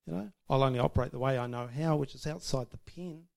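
A man's voice: mid-range voice, fast talker, creaky, a little mellow. A man giving an informal, self-deprecating testimony about marriage to a church audience, laughing often. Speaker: speaker sharing about marriage.

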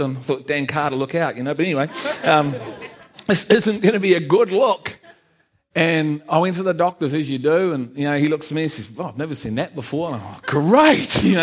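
A man giving a personal church testimony, frank and self-mocking, often laughing at himself. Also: on the high side. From England. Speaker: testimony speaker.

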